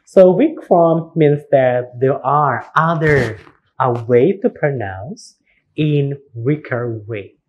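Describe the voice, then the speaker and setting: Slow husky lecturer with an Indonesian accent. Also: male voice, medium pitch, lo-fi sound. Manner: slow, spells words letter by letter, repeats words for practice. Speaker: university lecturer. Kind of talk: recorded phonetics lecture.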